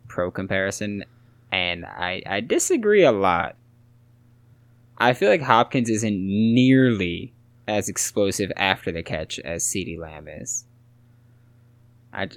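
A young man co-hosting a podcast, chatting casually about football in an animated way and laughing often. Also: lowish voice, no echo. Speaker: podcast co-host. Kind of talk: casual sports chat.

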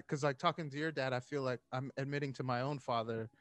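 A man's voice: medium pitch, fast, no room sound. Laughing man telling a story. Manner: animated storyteller, acts out quotes, laughs often. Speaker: podcast co-host telling a story. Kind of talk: casual storytelling chat.

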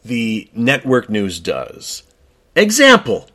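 A man co-hosts an opinion talk show at a mid pitch. He talks emphatically, with plenty of fillers and restarts, and his voice climbs as he gets worked up. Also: wildly swooping pitch, slow pace, a bit bright. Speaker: co-host.

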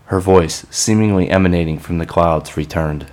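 A man giving scripted narration for an audio drama in a measured, grim storytelling manner. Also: low-pitched, darkish tone.

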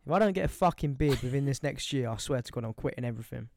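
A man's voice: medium pitch, lively intonation, racing, vocal fry, a little mellow, no echo, clean studio sound. A young man, bantering bluntly and swearing freely as a podcast co-host. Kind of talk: casual chat.

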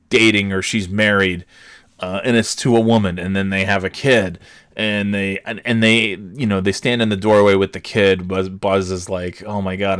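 A man's voice: deep voice, a bit bright. A man in his forties hosting a casual solo talk show, ranting and swearing with sarcastic asides. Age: 40s. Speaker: podcast host.

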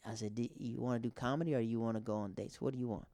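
Young man, stand-up comic, podcast host, casual rambling talk, mid pitch, dry room. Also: fairly even intonation, rapid-fire, few pauses, dark tone, no echo. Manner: rambling, conversational, filler-heavy. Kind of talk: casual monologue.

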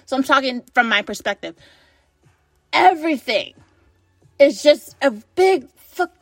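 Furious high-voiced woman ranting. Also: expressive, no room sound, soft background music. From United States. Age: late 20s. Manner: furious, profane, rapid-fire rhetorical questions. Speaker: vlogger. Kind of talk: angry political rant to camera.

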